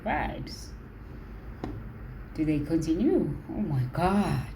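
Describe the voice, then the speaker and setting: A woman hosting a reaction video, giving amused, drawn-out casual comments. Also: mid-range voice, animated, a little hiss or hum, poor audio.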